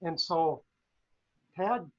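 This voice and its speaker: Brief: chatty male co-host, high voice, muffled lo-fi sound, rambling and playful. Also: very slow, fairly bright tone. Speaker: co-host, former professor. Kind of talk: casual talk-show chat. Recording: dull lo-fi audio.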